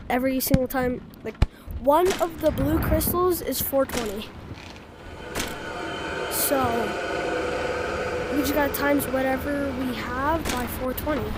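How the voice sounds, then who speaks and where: A woman giving casual gameplay commentary, chatting to her viewers and swinging between low mumbles and excited outbursts. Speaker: gamer.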